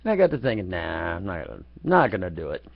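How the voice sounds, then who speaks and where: A man's voice: sits low, wildly swooping pitch, fast talker, creaky, no room sound. A man rambles through a live chat broadcast, cursing freely and taunting people by name. His talk is crude and mocking. The sound is dull and lo-fi, dry with no room around it.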